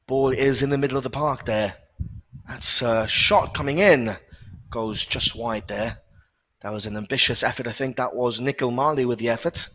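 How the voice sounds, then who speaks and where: Male football commentator, mid-pitched, brisk play-by-play with filler pauses, live stream. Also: bright, forceful tone.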